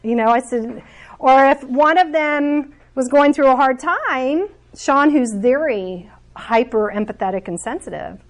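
Coach type, middle-aged woman, fairly high voice, chatty and lively, teaches a group. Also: measured pace. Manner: animated, conversational, laughs often. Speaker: emotional coach.

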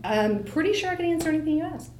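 A middle-aged woman giving a motivational talk to a live audience, telling stories with lively acted-out quotes. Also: high-pitched, fast talker, reverberant, slight background noise. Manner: animated storyteller, acts out voices in quotes. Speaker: speaker.

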